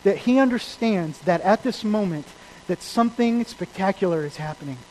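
A man preaching a sermon to a congregation at a church service. He is emphatic, swings between loud and quiet, and puts questions to the listeners. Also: high-pitched, expressive, normal speed, rough recording.

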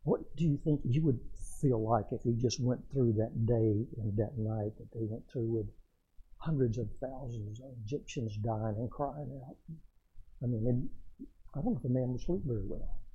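An older man, a pastor, preaching a folksy, storytelling sermon that swells loud and then drops soft. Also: mid-range voice, husky, muffled recording.

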